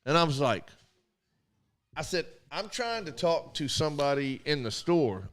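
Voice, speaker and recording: A man's voice: a little high, sing-song, unhurried. A man co-hosting a casual radio talk show, animatedly telling a story and acting out both sides of phone calls. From Arkansas.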